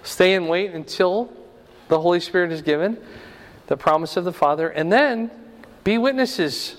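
A man teaching a Bible lesson verse by verse, explaining slowly and checking in with "right?" and "okay?". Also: sits high, big-room sound.

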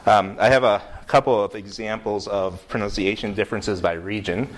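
An American man teaching a Bible class in a room with a board, lively, putting questions to the class and often restarting his sentences. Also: on the low side, moderate pace, slight background noise. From United States.

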